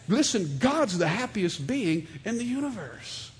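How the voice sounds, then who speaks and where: High-voiced preacher in a reverberant church. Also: male voice, measured pace. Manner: animated, storytelling, calls for audience response. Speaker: pastor. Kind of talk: sermon. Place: church sanctuary. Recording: long hall reverb.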